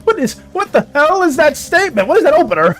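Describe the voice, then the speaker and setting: Young guy streaming his art, high voice that swings all over, gets heated and stammers a lot. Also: fast, soft background music. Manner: excitable ranting, stammering restarts, frequent laughter. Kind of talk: casual live-stream chat.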